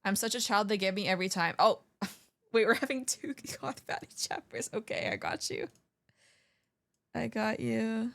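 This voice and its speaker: A woman's voice: mid-range voice, lively intonation, moderate pace, creaky, a bit bright. A young adult woman streamer chatting casually, giggling and swearing playfully. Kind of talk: casual livestream chat.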